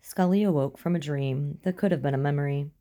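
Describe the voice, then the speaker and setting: A woman reading a story aloud as narrator, in a steady, even manner. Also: low voice, brisk. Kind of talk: audiobook narration.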